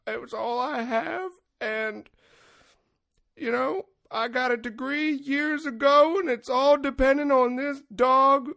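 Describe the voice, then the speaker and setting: A man putting on a feeble, tearful old woman who talks in a slow, wavering voice. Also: very high-pitched, fairly even intonation, gravelly, bright, forceful tone, voice pushed up, heavily acted.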